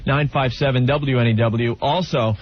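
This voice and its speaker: New man, radio host, brisk plugs, dull broadcast sound. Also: medium pitch, steady tone. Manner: brisk, plugging promos. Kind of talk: morning radio banter.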